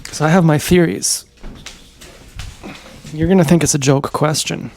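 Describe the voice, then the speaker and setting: A man's voice: fairly high pitch, steady tone, unhurried, a little mellow, slight background noise. A man vlogging at home, musing aloud in a meandering casual monologue and breaking off to talk to his dogs.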